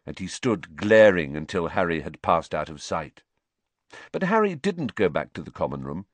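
A man narrating an audiobook, reading with lively character work. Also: low-pitched, moderate pace, dry recording.

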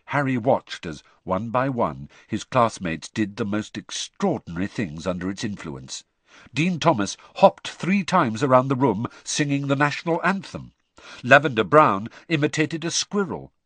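Husky male audiobook narrator. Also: mid-range voice, moderate pace, dry recording. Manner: expressive storytelling. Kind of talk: scripted narration.

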